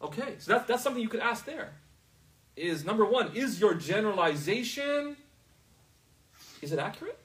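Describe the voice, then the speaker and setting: Guy teaching a class, kinda high voice, keeps asking if they get it, sounds far from the mic. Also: sing-song, moderate pace, pauses often, fairly bright tone. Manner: asks the class often if they understand.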